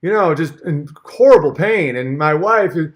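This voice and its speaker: A man's voice: on the high side, expressive, lightly acted. A man voicing a mocking impression of an evasive, fussy professor who drags out his words and tacks on a Canadian "eh". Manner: mocking impression, slow and over-enunciated.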